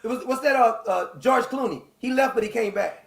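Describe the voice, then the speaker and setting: A man's voice: very high-pitched, fairly quick, creaky, crowd noise. A man talking in a casual political chat on a live stream, blunt and profane, mocking and laughing often. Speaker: political commentator. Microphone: live stream microphone.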